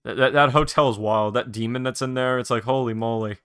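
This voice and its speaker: A man's voice: mid-range voice, fairly even intonation, a little fast, fairly bright tone, clean tone. A young man hosting a solo podcast, chatting casually and rambling with restarts, mild swearing and eager recommendations. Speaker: podcast host.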